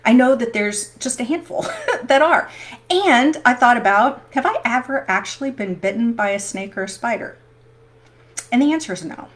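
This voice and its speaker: A woman with a slightly high voice shares personal stories in a casual vlog. She talks in a chatty, animated way and laughs often as she goes. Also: normal speed. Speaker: vlogger.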